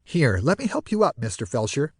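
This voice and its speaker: A man's voice: fairly high pitch, huge pitch swings, a little fast, slightly rough, no room sound, clean studio sound, exaggerated voice. A man voicing a nasal, cheapskate male care-home manager who speaks politely and ingratiatingly.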